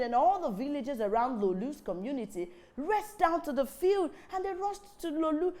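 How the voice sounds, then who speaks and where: A woman hosting a children's show, telling a story in a lively way and calling on the audience to join in. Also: high voice, moderate pace.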